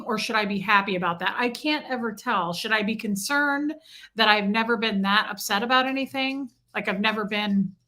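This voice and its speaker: Woman from michigan, livestream host, chatty roll-call manner, bright voice, a bit high. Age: adult with a child. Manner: chatty, reads out viewer names in a roll call. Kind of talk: casual livestream chat.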